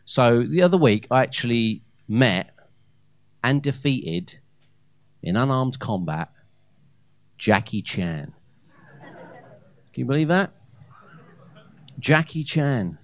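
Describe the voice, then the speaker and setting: A man in his thirties performing a live stand-up set on a comedy club stage into a handheld mic, with hesitant fillers and loud punchlines. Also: medium pitch, big pitch swings, takes it slowly, long pauses. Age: 30s.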